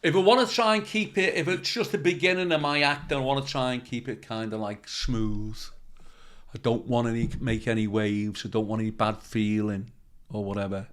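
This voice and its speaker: An older man, a comedian telling stories in an interview, animated and swearing freely as he acts out the people in them. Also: medium pitch, normal speed. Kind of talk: anecdotal interview storytelling.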